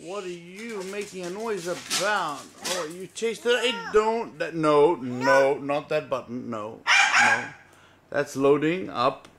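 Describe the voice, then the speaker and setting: A man talking to his baby son at home, playful and gently scolding, repeating words over and over. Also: on the high side, slow pace. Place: at home, indoors. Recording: noisy home camcorder recording.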